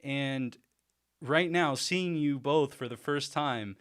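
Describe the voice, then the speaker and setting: A man hosting a casual livestream, excited and rambling, laughing often between thoughts. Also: medium pitch, slow pace, clean tone. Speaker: livestream host.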